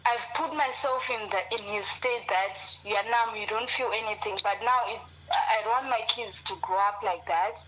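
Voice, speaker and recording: A woman's voice: medium pitch, normal speed, hardly any pauses, fairly bright tone. Hesitant woman caller on a muffled line. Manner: hesitant, restarts often. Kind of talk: personal account on a call-in live stream. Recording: dull muffled line with faint hiss.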